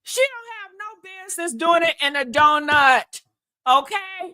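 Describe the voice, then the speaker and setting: Brief: high, bright woman host, dramatic sassy gossip, laughs a lot. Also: expressive, unhurried. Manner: sassy, dramatic, laughs often, addresses viewers as honey and y'all. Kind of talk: casual gossip commentary.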